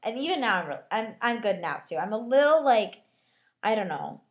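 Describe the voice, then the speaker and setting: A woman's voice: a little high, very animated, a little fast. A teenage girl giving a chatty, casual book review, full of fillers, who slips into mocking voices.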